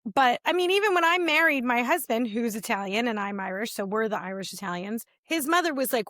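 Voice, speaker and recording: A woman co-hosting a casual chat show, telling stories in a chatty, animated way and acting out the voices of the people she quotes. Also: fairly high pitch, a little fast, hardly any pauses, dry recording, studio quality. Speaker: podcast co-host.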